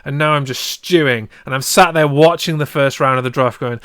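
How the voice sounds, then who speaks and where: A man in his thirties, co-hosting a sports podcast and telling stories in an excitable, animated way. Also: medium pitch, brisk, few pauses, clean tone, no echo, clean studio sound. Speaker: podcast co-host. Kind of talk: casual sports podcast chat.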